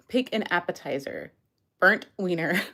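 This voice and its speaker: A woman's voice: on the low side, background noise. A young woman vlogger reading an online quiz aloud in casual chat, giggling often. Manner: giggly, breaks into frequent laughter.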